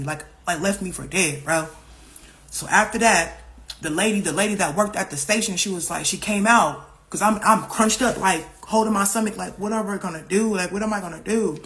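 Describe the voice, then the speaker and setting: A woman's voice: lowish voice, a bit bright. A woman telling a personal story in a casual, slang-heavy, profane way. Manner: acts out other people's lines in raised voices.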